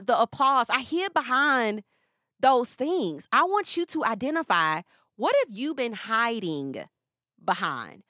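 High, lively woman giving a motivational talk. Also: dry recording, clean studio sound. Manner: preacherly, repeats phrases, speaks straight to listeners. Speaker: podcast host.

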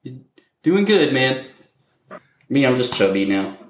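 A man's voice: mid-range voice, very animated, a little slow, reverberant, highs cut off. A man co-hosting a podcast in casual banter, joking around, laughing often and swearing casually. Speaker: podcast co-host.

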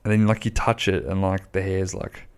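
A man's voice: sits low, little pitch movement, normal speed, a little mellow, clear, resonant tone. A man, chatting casually and bluntly on his own podcast, rambling and swearing freely. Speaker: podcast host. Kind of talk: casual solo podcast chat.

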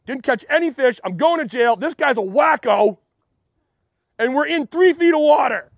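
Preacher putting on a sarcastic, fed-up fisherman, high voice, dry sound. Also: animated, normal speed, no room sound. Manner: sarcastic, dismissive. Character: exasperated grown male fisherman, sarcastic and scoffing.

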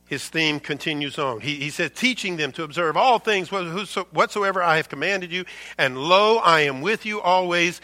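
A man's voice: on the high side, pushed and bright. A man preaching a sermon to his congregation, quoting scripture and building his points with shifting intensity. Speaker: pastor.

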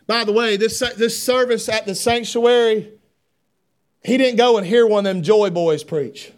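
A middle-aged man preaching a sermon, fervent, swinging between loud shouts and hushed asides. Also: sits high, a little slow.

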